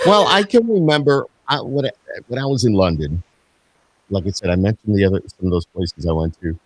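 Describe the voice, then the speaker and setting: A man hosting a podcast, relaxed and amused as he tells stories. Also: lowish voice, a little fast, no room sound. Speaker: podcast host. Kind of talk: casual chat.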